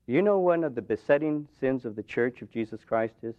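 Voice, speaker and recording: A man's voice: medium pitch, lively intonation, fairly quick. A man preaching a sermon in a church, retelling scripture with dramatic rises and drops in intensity. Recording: dull lo-fi sound.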